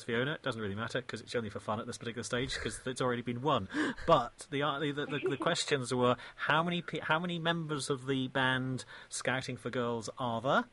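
A man's voice: medium pitch, a bit bright. A man hosting a radio show, chatting casually with guests and co-hosts, rambling with lots of restarts and asides.

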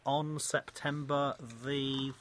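A man's voice: medium pitch, completely flat delivery, takes it slowly, crowd noise. A man hosting a radio show, chatting casually with guests and co-hosts, rambling with lots of restarts and asides.

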